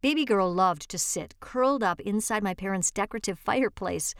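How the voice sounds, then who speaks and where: A woman's voice: mid-range voice, normal speed, clean tone, dry recording, clean studio sound. A woman reading a true-life story aloud for a reading service, lifting her voice for quoted lines. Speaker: volunteer reader. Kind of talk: read-aloud story narration.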